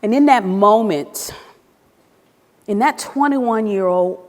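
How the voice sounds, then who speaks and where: Lively woman storyteller in a reverberant hall. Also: mid-range voice, slow pace, pauses often. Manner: animated, acts out dialogue. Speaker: former teacher giving a talk. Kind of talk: storytelling talk.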